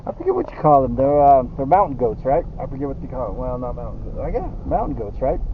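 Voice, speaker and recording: A man's voice: medium pitch, wildly swooping pitch, fast talker, narrow, tinny audio, background noise. Rambling older man vlogging outdoors. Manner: rambling, folksy, trails off. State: out of breath. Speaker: van-life vlogger. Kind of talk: casual vlog talk. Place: outdoors in the mountains.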